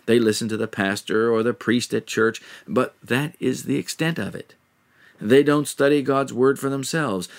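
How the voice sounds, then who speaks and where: A man preaching a sermon, reading scripture aloud and putting questions to the listener. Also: mid-range voice.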